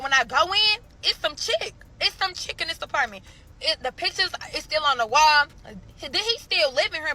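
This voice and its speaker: Bright-voiced St. woman telling a story. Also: high-pitched, poor audio. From St. Louis, USA. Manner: animated, keeps calling out to listeners, swears freely. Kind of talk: storytime vlog.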